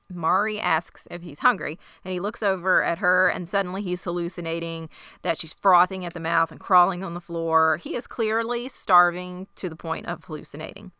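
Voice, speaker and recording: Bright-voiced woman recapping a show. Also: on the low side, clear, resonant tone, no echo, studio quality. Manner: animated recapping, acting out characters' lines. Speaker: podcast co-host recapping a TV episode. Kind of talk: casual chat.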